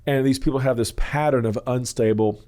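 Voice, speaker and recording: A man hosting a church counseling show, explaining at length in a loose, rambling way, often pausing with "uh" and "you know". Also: mid-range voice, a little mellow. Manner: rambling, full of "uh" and "you know", acts out quoted voices. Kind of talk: teaching talk on a question-and-answer show.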